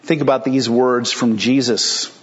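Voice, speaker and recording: A man's voice: medium pitch, fairly even intonation, unhurried, dull audio. A male pastor preaching a sermon in a conversational, explanatory way, asking rhetorical questions and answering them.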